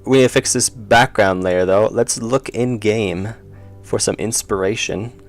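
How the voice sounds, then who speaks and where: A young man with a low, gravelly voice chats loosely on a livestream while he draws game art. He mutters half to himself and drops self-deprecating asides. Faint music plays underneath. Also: unhurried. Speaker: indie game developer streaming. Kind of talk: casual livestream commentary while drawing.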